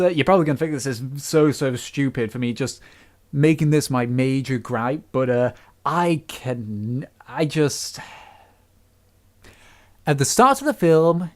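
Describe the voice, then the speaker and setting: A casual film reviewer who talks off the cuff. The delivery rambles and doubles back, with frequent restarts and fillers. There is a steady note of complaint running through it. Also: medium pitch.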